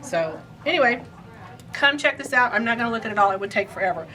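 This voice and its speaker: Chatty bright-voiced woman shop owner. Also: on the high side, expressive, quick pace, a little hiss or hum. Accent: Indiana. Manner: chatty, rambling, laughs easily. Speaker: quilt shop owner and host. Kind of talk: casual shop update chat.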